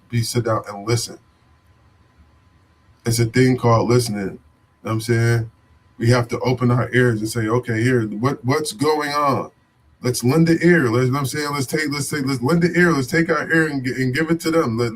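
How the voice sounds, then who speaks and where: A man in AAVE giving an unscripted motivational talk as a vlogger, preachy and repetitive, with profanity and street slang. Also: mid-range voice.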